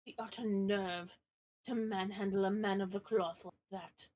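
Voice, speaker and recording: A woman's voice: medium pitch, fairly even intonation, unhurried, darkish tone, natural voice. A woman voicing a haughty, indignant male priest with a put-on French accent, while reading a game aloud. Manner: indignant and protesting.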